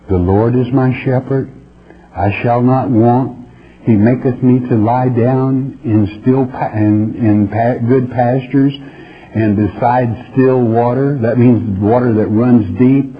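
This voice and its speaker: A man's voice: mid-range voice, muffled recording. A man, preaching verse by verse in a folksy, emphatic way with frequent "okay?" asides. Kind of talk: verse-by-verse Bible teaching.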